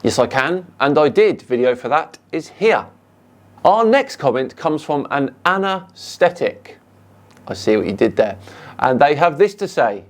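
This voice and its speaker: Brit guy answering comments, calm and sarcastic, voice bounces up and down a lot. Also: mid-range voice, moderate pace. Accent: British. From United Kingdom. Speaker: YouTube science debunker host.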